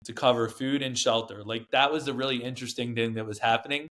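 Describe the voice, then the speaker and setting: A man's voice: mid-range voice, fairly even intonation, quick pace, fairly bright tone. A man, a guest in an interview, recounting his past in a rambling, emphatic way, often acting out what others said. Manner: rambling, emphatic, acts out quoted dialogue. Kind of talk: candid storytelling interview.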